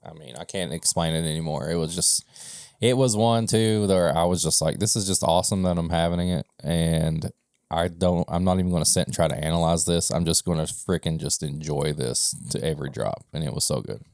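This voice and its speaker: A man's voice: sits low, brisk, creaky, a little mellow, dry recording, clean studio sound. A man co-hosting a podcast, chatting in an easygoing way and describing flavors animatedly. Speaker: podcast co-host. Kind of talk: casual chat while tasting whiskey.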